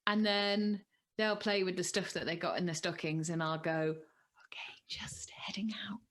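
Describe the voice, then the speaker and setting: A woman's voice: on the low side, normal speed. Chatty woman podcast co-host. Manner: chatty, animated and laughing. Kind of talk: casual chat.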